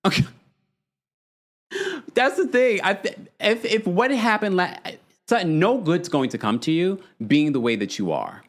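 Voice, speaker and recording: A man's voice: high-pitched, very animated, a little slow. A young man hosting a casual, gossipy reality TV recap, reading out live chat and laughing often. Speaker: podcast host.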